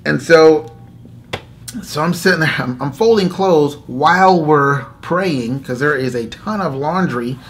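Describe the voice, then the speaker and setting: Animated man telling a faith story. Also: fairly high pitch, measured pace, slight background noise. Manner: animated storyteller acting out inner dialogue; laughs often between phrases. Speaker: host. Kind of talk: casual spoken testimony.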